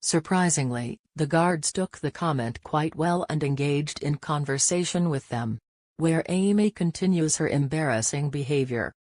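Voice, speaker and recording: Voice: medium pitch, moderate pace, a little mellow, dry recording. A narrator reading a scripted gossip recap in a chatty way, adding personal reactions.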